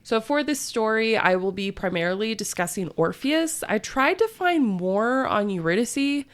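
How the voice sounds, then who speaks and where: A woman's voice: fairly high pitch, expressive, moderate pace. A woman co-hosting a podcast, retelling a myth in casual chat with lots of fillers and laughter. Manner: chatty, filler-heavy, laughs often. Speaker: podcast co-host.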